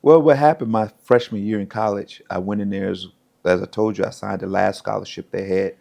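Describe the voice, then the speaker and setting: Gravelly middle-aged man telling stories. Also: fairly low pitch, fairly quick. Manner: animated storyteller, acts out quotes. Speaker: podcast guest, former pro football player. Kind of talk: casual storytelling interview.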